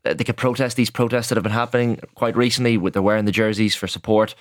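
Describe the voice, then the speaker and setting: A young Irish man talks sport at a fast clip, tripping over and repeating words as his thoughts race ahead. His voice sits fairly low and sounds close and dry, with no room around it. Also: little pitch movement, no echo. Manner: quick, chatty, repeats words as he goes. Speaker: sports journalist guest. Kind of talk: casual radio sports chat.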